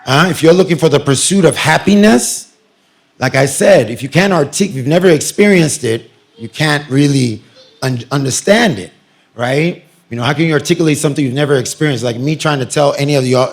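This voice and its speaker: A man giving a lively, joking presentation to an audience at a community meeting. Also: on the high side, fairly quick. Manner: animated, joking, addresses crowd directly.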